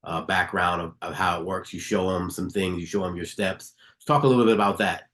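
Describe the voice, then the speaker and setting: A man's voice: low-pitched, fairly even intonation, fairly quick, fairly bright tone. A man co-hosting a podcast, asking a guest loose, conversational questions with fillers. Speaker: podcast co-host. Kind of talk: interview questions.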